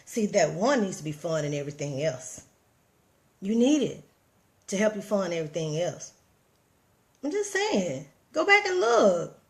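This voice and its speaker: This vlogger, a woman from the US South, keeps her livestream casual but preachy and animated as she motivates viewers, addresses them directly and reads their comments. Her voice sits on the low side, and she talks at a measured pace, pausing often.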